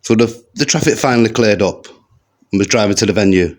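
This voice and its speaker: A man with a West Midlands accent doing a stand-up set of one-liners in a deadpan, slangy way. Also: on the low side, fast talker. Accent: West Midlands English. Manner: deadpan delivery with slangy asides. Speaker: stand-up comedian. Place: comedy venue stage with live audience. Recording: live gig with faint crowd and noise. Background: audience laughter.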